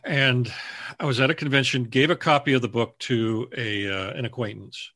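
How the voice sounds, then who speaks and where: A man's voice: medium pitch, steady tone, moderate pace, sharp tone, dry recording, clean studio sound. A man who works as a book editor, answering interview questions earnestly and acting out the people in his anecdotes. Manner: earnest, storytelling, acts out the people he quotes.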